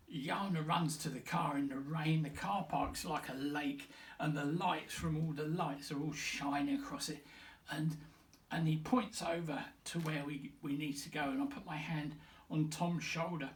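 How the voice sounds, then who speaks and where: A man's voice: on the high side, recorded from a distance, a little hiss or hum. An older man talks casually and rambles, with whispered asides, as he tells a story and then demonstrates a sewing machine. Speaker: vintage sewing machine presenter.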